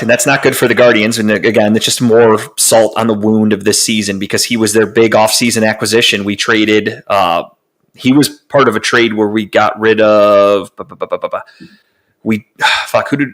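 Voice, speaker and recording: A man's voice: lowish voice, normal speed, fairly bright tone, poor audio. Rambling, profane man talking sports. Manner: rambling, profane, stumbles and restarts often. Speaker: podcast co-host. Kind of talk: casual sports chat.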